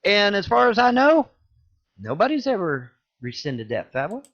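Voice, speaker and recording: A man delivering an angry, profane rant, cursing loudly and repeating himself. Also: high-pitched, wildly swooping pitch, moderate pace. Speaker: ranting video creator. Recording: dull lo-fi audio.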